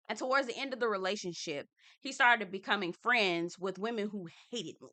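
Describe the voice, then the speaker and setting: Young woman, doing a tv recap, bright voice, laughs a lot and acts out quotes. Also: mid-range voice, a little fast. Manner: animated and expressive, laughing, acting out quotes. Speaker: TV recap host. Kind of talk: casual reality TV recap.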